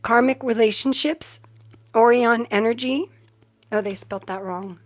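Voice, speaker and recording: A woman's voice: fairly high pitch, a little slow. A middle-aged woman hosting a casual live-stream tarot reading, chatty and easily sidetracked, often breaking into giggles.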